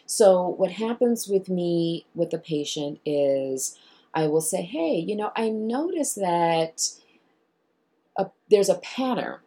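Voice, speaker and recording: Low, husky woman therapist talking. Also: slow pace. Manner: animated, acts out dialogue with clients. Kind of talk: explanatory talk to viewers.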